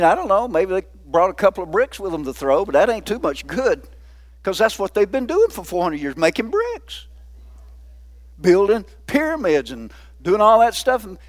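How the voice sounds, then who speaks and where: A man preaching a sermon in a folksy, conversational way, often putting questions to the congregation. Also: sits high. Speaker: pastor.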